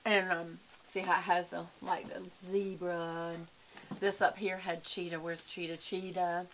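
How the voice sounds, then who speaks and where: A woman's voice: lowish voice, level tone, unhurried, a bit bright, slight background noise. A woman, chatting casually and rambling to her viewers at home, calling them y'all. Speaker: vlogger. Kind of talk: casual chat to camera.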